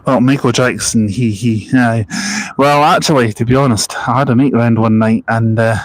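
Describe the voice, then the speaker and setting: A man's voice: mid-range voice, steady tone, normal speed, rough recording. Jokey Scottish man on a live stream. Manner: jokey, rambling, laughs at his own stories. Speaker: live-streaming bus spotter. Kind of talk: casual live-stream chat reading comments.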